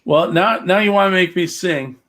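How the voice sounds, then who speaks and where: A man's voice: high voice, moderate pace, fairly bright tone. A man hosting a casual livestream, rambling with many fillers and jokes. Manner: rambling, filler-heavy, joking. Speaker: host of a livestreamed gaming show.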